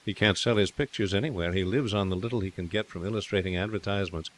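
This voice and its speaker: A man's voice: low voice, fast, lightly acted, low-quality recording. A man reading a good-humoured young painter who speaks with wry understatement. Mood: puzzled.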